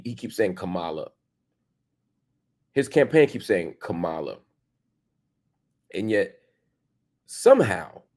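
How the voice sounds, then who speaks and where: A man in his forties hosting a show, delivering an emphatic opinion monologue full of rhetorical questions, swinging between loud and soft. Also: fairly low pitch, husky. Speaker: show host.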